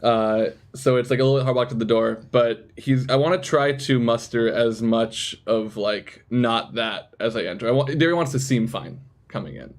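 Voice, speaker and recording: A man plays a tabletop role-playing game and casually explains what his character does next. His pitch is a typical male middle. He talks loosely, with plenty of ums. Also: normal speed, few pauses. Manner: relaxed, filler-heavy. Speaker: player.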